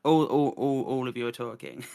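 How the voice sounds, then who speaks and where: A man's voice: medium pitch, fairly even intonation, brisk, dark tone, smooth. A man hosting a podcast, reviewing a film in casual chat, rambling with frequent restarts and fillers. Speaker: podcast host.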